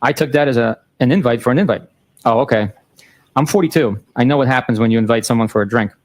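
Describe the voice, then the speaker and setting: A man reads a string of text messages aloud in a courtroom, keeping his delivery flat and matter-of-fact even through the teasing lines. His pitch sits in an ordinary middle register, and he reads each date and time plainly before the messages that follow. The voice comes through a courtroom microphone. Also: fast. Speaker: courtroom participant reading texts aloud.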